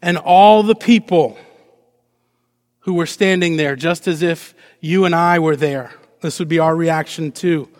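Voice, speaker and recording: A man preaching a lively sermon as pastor, asking the congregation rhetorical questions and acting out short quotes with playful energy. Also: fairly high pitch, unhurried. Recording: long hall reverb.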